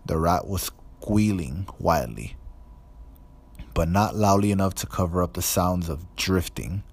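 A man reading an audiobook in a measured, even storytelling manner. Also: low voice. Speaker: audiobook narrator. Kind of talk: scripted narration.

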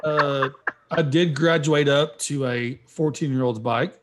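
Guest, male, higher voice, hesitant and filler-heavy, casual. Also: unhurried. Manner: hesitant, with many ums. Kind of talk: casual chat.

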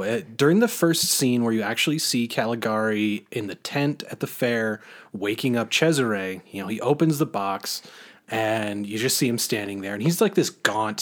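A man's voice: lowish voice, animated, moderate pace. A man co-hosting a podcast in casual chat, rambling and self-deprecating, laughing often. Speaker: podcast co-host.

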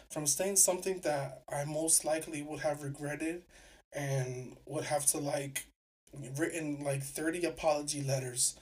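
Heard through a distant mic, a young New York City podcast host with a somewhat high voice and darkish tone tells a casual story with animation. He plays both people in the conversation as he recounts it.

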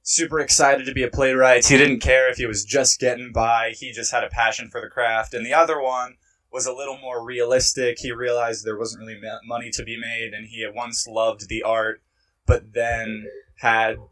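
A man's voice: medium pitch, level tone, moderate pace, fairly bright tone, distant mic, rough recording. A young man co-hosting a casual podcast, joking and laughing as he rambles through a story. His voice sits mid-range and sounds a little set back from the mic. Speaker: podcast co-host. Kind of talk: casual chat.

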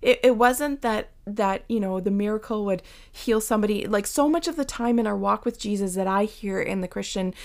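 A woman's voice: medium pitch, fairly quick, few pauses. A woman giving a reflective devotional talk, earnest, sometimes dropping to a whisper and acting out the story. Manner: earnest and reflective, drops to whispers for quoted voices; acts out Bible characters with lively shifts.

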